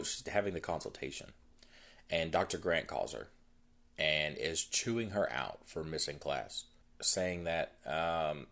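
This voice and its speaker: Deep-voiced man rambling through a movie recap. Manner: rambling, filler-heavy storytelling. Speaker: podcast host.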